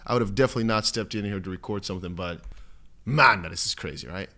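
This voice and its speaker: A man hosting a casual crypto news video, chatty and animated, with a strained, cracked voice. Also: low-pitched, very fast. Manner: animated and chatty, acts out panicked viewers. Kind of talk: casual to-camera market update.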